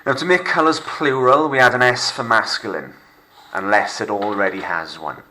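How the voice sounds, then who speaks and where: A Welsh man with a low but bright, forceful voice talks through a recorded French lesson. He stays upbeat and jokey, and stretches out French words slowly so learners can repeat them. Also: slight background noise, rough recording. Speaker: secondary school French teacher. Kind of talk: recorded lockdown lesson narration.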